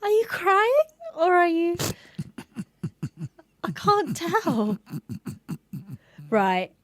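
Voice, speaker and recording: A woman, co-hosting a podcast and telling an animated story in casual chat. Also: extremely high pitch, very slow, no room sound. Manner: animated storytelling with acted-out quotes. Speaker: podcast co-host.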